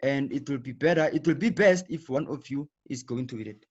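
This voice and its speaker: A man's voice: mid-range voice, brisk, a little mellow, husky. A man teaching a live online lesson, explaining patiently and repeating himself, often checking in with "okay". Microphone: video call. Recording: dull lo-fi online audio.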